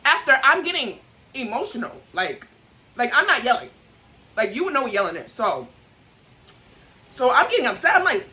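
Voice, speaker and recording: A woman's voice: high-pitched, very animated, moderate pace, long pauses, pushed and bright, rough recording. A young adult woman venting to camera in an emotional, heated, rambling way, full of "like" and "you know what I'm saying". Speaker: vlogger.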